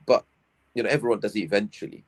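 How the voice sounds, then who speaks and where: A man's voice: fairly low pitch, fast talker, slightly rough. A middle-aged man, an Islamic scholar giving family advice on a live stream, asking rhetorical questions and answering them himself.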